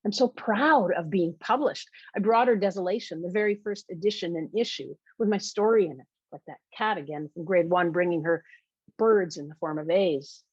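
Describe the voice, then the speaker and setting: A woman, the author, reading her own novel aloud in a measured, intimate storytelling manner. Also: lowish voice, a little mellow, slightly rough, no echo, dull audio.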